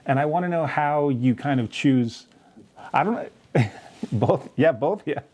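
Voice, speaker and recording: A man's voice: on the high side, measured pace, darkish tone. A male host interviewing a guest, asking casual questions with little laughs and filler words.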